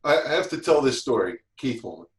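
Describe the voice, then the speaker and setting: A man's voice: mid-range voice, sing-song, a little fast, roomy sound, rough recording. A man guesting on a podcast and chatting casually, rambling and often restarting his sentences. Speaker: guest, safety instructor. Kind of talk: casual chat.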